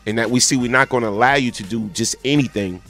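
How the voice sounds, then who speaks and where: A man's voice: mid-range voice, fast, fairly bright tone, soft background music. A man co-hosting a talk radio show, telling stories in a laid-back, conversational way. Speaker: co-host and DJ. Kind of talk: casual talk radio storytelling.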